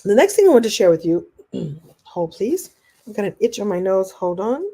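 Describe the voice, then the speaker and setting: A woman teaches a live online masterclass, speaking as a motivational coach. Her voice is warm and mellow, and she keeps the talk animated, acting out the things people say and reading out comments from viewers as she goes. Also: mid-range voice, moderate pace, breathy edge. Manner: animated, acts out quoted voices; reads and answers viewer comments.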